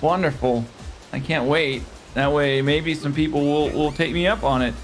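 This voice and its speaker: A man's voice: on the high side, fairly even intonation, moderate pace, faint music behind, low-quality recording. A man in casual in-character role-play chat, earnest and easygoing as he shows someone around. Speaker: role-play player showing off his home.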